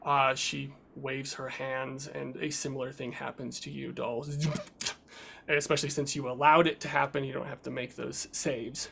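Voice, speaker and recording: A man's voice: medium pitch, level tone, normal speed, creaky, a bit bright, slight background noise. A man narrating a tabletop game as game master, with loose, filler-heavy narration.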